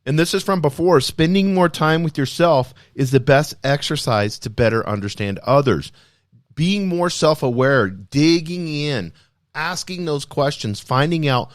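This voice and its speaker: A man hosting a podcast, speaking in an energetic, emphatic motivational style full of rhetorical questions. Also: fairly high pitch, unhurried, dry recording, studio quality. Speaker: podcast host. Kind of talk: motivational solo talk.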